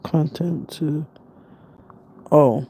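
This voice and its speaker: A woman's voice: sits low, fairly even intonation, extremely slow, dark tone, slightly rough. A young woman with a New York accent, chatting casually and rambling on a livestream, laughing often. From Jamaican family. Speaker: vlogger.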